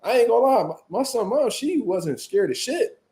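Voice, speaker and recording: A man telling a story in casual chat, animated and full of profane street slang. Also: extremely high pitch, normal speed, reverberant. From Philadelphia, US. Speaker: boxing show host.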